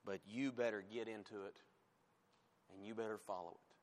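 A man preaching a sermon as pastor, rising loud on scripture and dropping to quiet, pointed asides. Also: lowish voice, steady tone, moderate pace. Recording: long hall reverb.

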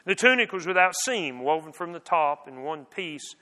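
A man reads scripture aloud with dramatic expression, his high, bright voice swinging widely in pitch. Each phrase hangs in a long hall reverb. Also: animated, normal speed. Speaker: scripture reader.

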